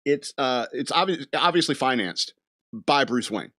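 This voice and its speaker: A man's voice: mid-range voice, animated, a little slow, fairly bright tone. Rambling man hosting a casual chat show. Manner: rambling, chuckles between thoughts, acts out voices. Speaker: podcast host.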